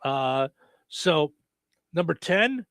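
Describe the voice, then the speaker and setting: A man's voice: on the high side, very animated, very slow, a bit bright, no echo. A middle-aged man hosting a radio show, rambling easily through a list with chatty asides. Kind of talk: casual radio banter.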